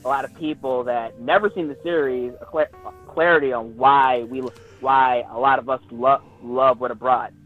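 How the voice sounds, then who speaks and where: A man chatting casually on a livestream, excited and often restarting his sentences. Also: mid-range voice, moderate pace, faint music behind. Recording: slightly dull lo-fi stream audio.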